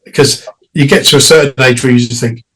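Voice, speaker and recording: A middle-aged man spins a long anecdote for his interviewer. He talks in a loose, chatty flow, restarting phrases and dropping into quick quoted voices. His voice sits in a middle pitch for a man. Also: fairly even intonation, a bit bright, breathy edge, rough recording. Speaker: guest singer. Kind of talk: casual interview storytelling.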